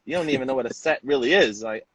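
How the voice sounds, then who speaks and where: A man, a hairstylist, telling a lively story in an interview and acting out the people in it. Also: mid-range voice, fast talker, no echo. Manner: animated storyteller acting out quotes. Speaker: celebrity hairstylist, guest.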